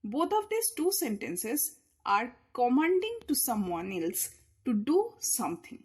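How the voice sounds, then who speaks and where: A woman teaching an English grammar lesson, explaining each point slowly and patiently with repeated examples. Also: a little high, very animated, a little mellow, breathy edge. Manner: leans hard on key words when showing emphasis.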